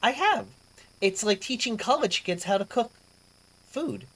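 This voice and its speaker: Lively-voiced woman streamer chatting. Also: mid-range voice, unhurried. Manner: rambling, swears freely, reacts to chat. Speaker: livestream host. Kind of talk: casual live-stream chat.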